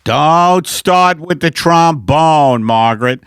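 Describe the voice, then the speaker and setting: A man putting on a weary older husband who grumbles low and flat. He speaks slowly, recorded close and dry. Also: clean tone, no echo, heavily acted. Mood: grumbling.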